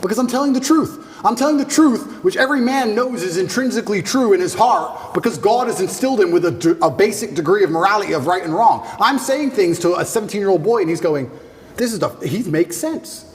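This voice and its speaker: A man in his thirties speaks fast and forcefully in a high, lively voice, firing rhetorical questions as an interview guest. His voice rings out with a long reverb. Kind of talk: emphatic interview talk.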